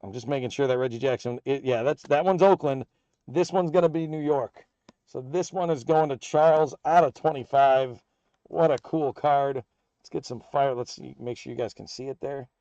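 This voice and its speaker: American guy doing a live card break, mellow dull-ish sound, dry close mic. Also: mid-range voice, moderate pace, dry recording. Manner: upbeat, rattles off player names and teams.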